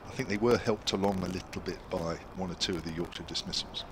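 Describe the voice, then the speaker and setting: A man calls a cricket match live from an outdoor ground, his voice sitting fairly low. He talks in a chatty way, tossing asides to his partner between deliveries. There is audible noise over the outdoor broadcast audio. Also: quick pace. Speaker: cricket commentator. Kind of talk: live sports commentary.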